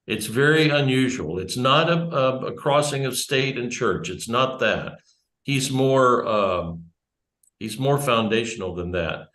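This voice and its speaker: A man's voice: mid-range voice, lively intonation, unhurried, a bit bright. A man giving a conversational church talk, rambling and correcting himself as he goes. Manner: rambling, digressive, self-correcting. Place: church room with small audience. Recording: roomy echo.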